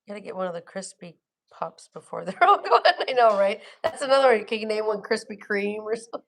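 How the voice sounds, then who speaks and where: Laughing frequently and swearing without hesitation, a middle-aged livestream host from Florida chats casually and reads out viewer comments. Her mid-range voice is animated and quick, with vocal fry.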